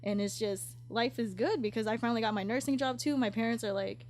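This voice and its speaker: A young woman in her twenties hosts a relaxed podcast conversation, her voice sitting a little high. She speaks candidly, swears without hesitation and breaks into laughter often. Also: fast, slight background noise. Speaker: podcast host. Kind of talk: casual podcast chat.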